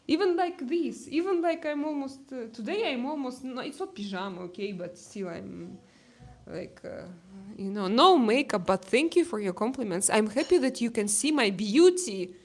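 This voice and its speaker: A woman with a Russian accent hosting a casual livestream chat, reading viewer comments and pausing often with fillers and restarts. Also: on the high side, lively intonation. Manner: hesitant, many fillers and restarts. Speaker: livestream host. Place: outdoor terrace.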